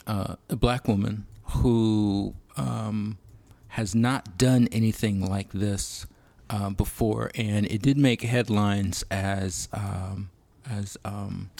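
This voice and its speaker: A man co-hosting a casual podcast chat, thoughtful and halting, with many pauses and restarts. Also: fairly low pitch, vocal fry, darkish tone, no echo. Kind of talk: casual film-industry chat.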